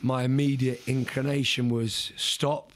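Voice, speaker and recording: A man's voice: mid-range voice, moderate pace, slightly rough. A young man, a podcast guest, telling an earnest story in conversation, often restarting and repeating words.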